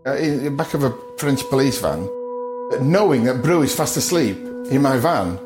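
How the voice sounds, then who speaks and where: A man's voice: medium pitch, lively intonation, normal speed, music in the background. A middle-aged man from the north of England, a podcast guest telling his story vividly, acting out other people's lines and chuckling often. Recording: roomy echo.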